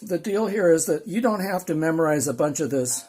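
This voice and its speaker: A man's voice: on the high side, animated, a little fast, a little mellow. An older man teaching guitar in a casual, rambling, self-deprecating way, with guitar playing behind him.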